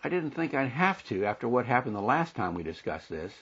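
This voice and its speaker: A man's voice: big pitch swings, brisk, fairly bright tone, slightly rough, muffled recording, heavily acted. A man reading the lines of a needling husband in a scripted marital quarrel. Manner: read aloud from a script, slightly raised pitch.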